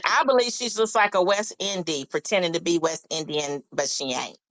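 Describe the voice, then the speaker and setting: A woman's voice: fairly low pitch, moderate pace, a bit bright, no echo. A woman chiming in on a live talk show, blunt and openly mocking.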